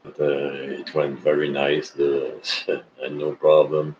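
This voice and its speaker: This is a man talking casually to his online followers in a deep, low voice. He speaks slowly, rambling and halting, and restarts his sentences often. The sound is dull and lo-fi, with a faint hiss behind it. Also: monotone. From Canada. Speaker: vlogger. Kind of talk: casual personal chat to followers. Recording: dull lo-fi recording with faint noise.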